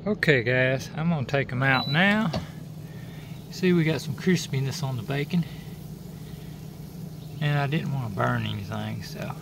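A man's voice: medium pitch, unhurried, vocal fry, pauses often. A man, casually narrating his camping vlog and talking to viewers at a wooded campsite. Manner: easygoing, talks to viewers as guys. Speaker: camping vlogger. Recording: noisy outdoor camcorder audio.

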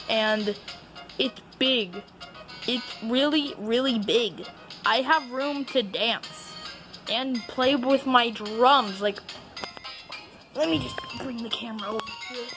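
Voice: medium pitch, poor audio. A young host chatting casually and rambling in a bedroom, with a camera set on a tripod. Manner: rambling, playful, full of fillers. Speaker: channel host. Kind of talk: casual home vlog. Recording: movie sound playing behind.

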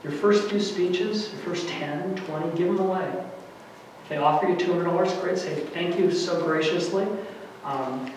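A middle-aged man giving a lively workshop lecture to faculty, varying his loudness for emphasis, with many fillers. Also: a little high, moderate pace, a little hiss or hum. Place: large lecture room. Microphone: distant room mic. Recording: very echoey hall from far off.

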